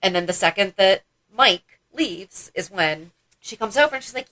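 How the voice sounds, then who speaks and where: Bright-voiced woman co-host, lively and laughing, recapping in casual chat. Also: medium pitch, moderate pace. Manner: animated, laughs often, acts out quotes from episodes. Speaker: podcast co-host. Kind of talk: casual fan podcast chat.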